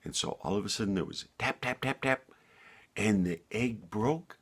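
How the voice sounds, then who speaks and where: A man telling a bedtime story in an animated, sing-song way. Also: fairly low pitch, normal speed.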